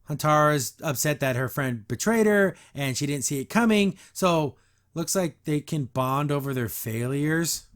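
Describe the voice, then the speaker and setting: A man's voice: fairly high pitch, animated, moderate pace. A man hosting a podcast, giving a blunt, sarcastic, exasperated review of an episode in casual commentary. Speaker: podcast host.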